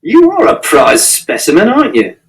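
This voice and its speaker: A man doing a dry, slow-talking policeman. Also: high-pitched, wildly swooping pitch, exaggerated voice. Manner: dry, slow, mildly exasperated. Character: wry, patient middle-aged male policeman. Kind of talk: reading a novel aloud. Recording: distant mic.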